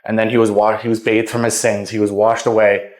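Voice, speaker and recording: A man's voice: lowish voice, flat delivery, brisk, reverberant. Rambling young man retelling a Bible story. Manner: rambling, repeats and restarts words. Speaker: vlogger.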